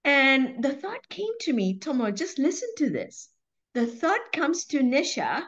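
A woman who hosts and writes books, talking in a lively, animated way and laughing often as she acts out her own thoughts. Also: high voice, unhurried, lo-fi sound. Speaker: author and show host. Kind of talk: conversational interview.

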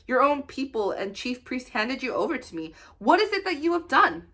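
A woman reading the lines of the governor Pilate aloud from scripture, raising her pitch on his questions. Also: sing-song, moderate pace, fairly bright tone, exaggerated voice. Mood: questioning. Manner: read-aloud questions, pitched higher than the narration. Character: Pilate, questioning Roman governor, grown man.

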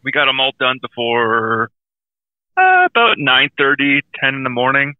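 A man's voice: medium pitch, big pitch swings, moderate pace, no echo, phone-quality sound. A man co-hosting a podcast in casual chat, talking candidly and rambling with self-aware asides. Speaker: podcast co-host.

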